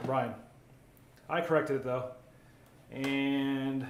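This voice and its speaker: A man's voice: fairly high pitch, measured pace, pauses often. A man hosting a live card break, chatting casually while opening packs and reading out viewer comments. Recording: roomy echo, faint ambient noise.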